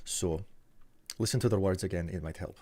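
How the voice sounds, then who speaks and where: A man's voice: low-pitched, a little fast, darkish tone. A man streaming live, chatting casually with viewers, often hesitating and restarting his sentences. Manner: hesitant, restarts and repeats words.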